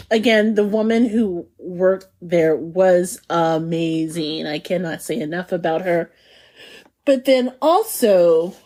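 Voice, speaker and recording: Laughing woman podcast host. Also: mid-range voice. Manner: lively, laughs often, lingers on food descriptions. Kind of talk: casual chat.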